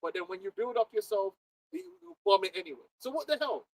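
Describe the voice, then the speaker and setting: Preacher, male, animated chat host; very high, lively pitch. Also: quick pace, low-quality recording. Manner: animated, laughing, repeats words. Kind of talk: casual livestream chat.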